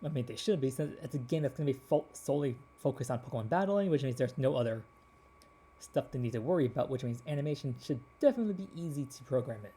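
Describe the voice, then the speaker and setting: A man hosting a gaming video, rambling casually with many restarts, his voice a little hoarse. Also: medium pitch, expressive, fast talker, dark tone. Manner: rambling, with frequent restarts and fillers. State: slightly hoarse. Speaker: gaming channel host.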